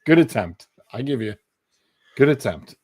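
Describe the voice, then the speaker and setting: A man co-hosting a podcast, talking football in blunt, excitable banter. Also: medium pitch, normal speed, husky. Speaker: podcast co-host. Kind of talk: casual sports chat.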